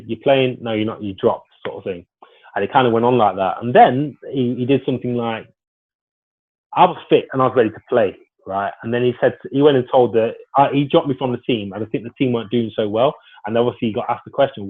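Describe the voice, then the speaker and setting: A man, a former footballer telling stories in a casual, rambling way with lots of restarts. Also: mid-range voice. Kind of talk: casual storytelling interview. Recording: phone-like narrow sound.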